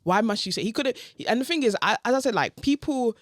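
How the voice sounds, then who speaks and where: A woman co-hosts a podcast, speaking bluntly and emphatically in casual chat. Her pitch moves a lot, and her voice sounds dry and close. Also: lively intonation, fast talker, no room sound. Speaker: podcast co-host.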